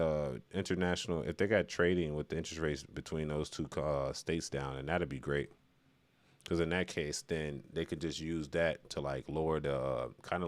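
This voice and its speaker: A Chicago man with a rumbling low voice gives loose, rambling live-stream commentary, reading chat and laughing at his own remarks. The recording is dry.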